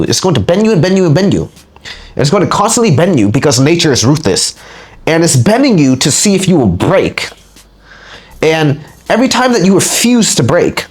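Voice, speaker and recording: A man giving a motivational spiritual lecture as host, speaking emphatically and repeating words for punch. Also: a little high. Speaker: spiritual teacher and channel host.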